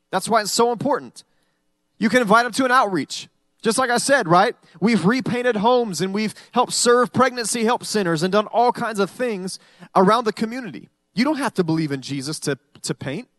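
High-voiced male pastor preaching casually. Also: animated, moderate pace, a bit bright, no room sound, clean studio sound. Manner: conversational preaching, acting out congregants' voices. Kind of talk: sermon.

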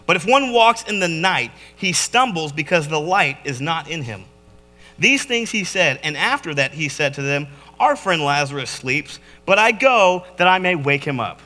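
A man, preaching to a youth group in a lively, joking way and acting out Bible scenes. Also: high-pitched, moderate pace, faint music behind. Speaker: youth pastor. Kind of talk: youth sermon. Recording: echoey hall.

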